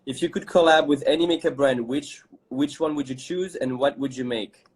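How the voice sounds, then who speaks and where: Chatty French-accented drag host. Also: male voice, mid-range voice, moderate pace, low-quality recording. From France. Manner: chatty, campy, reads comments aloud. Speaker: drag performer hosting a live stream. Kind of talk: casual chat.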